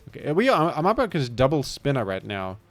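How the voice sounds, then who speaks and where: A man's voice: mid-range voice, huge pitch swings, a little fast, dry recording, faint music behind. A man with a British accent commenting live on a game he is playing, rambling in a playful, mock-grandiose way. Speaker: streamer.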